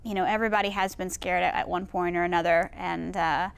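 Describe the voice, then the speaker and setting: A woman's voice: fairly low pitch, fairly even intonation, brisk, vocal fry, smooth. Upbeat young woman actress. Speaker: actress and guest. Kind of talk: casual interview.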